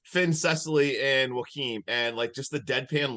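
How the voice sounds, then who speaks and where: A man co-hosting a podcast, recapping a movie plot in a casual, animated way. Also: mid-range voice, normal speed. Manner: animated storytelling, laughing often. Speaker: podcast co-host.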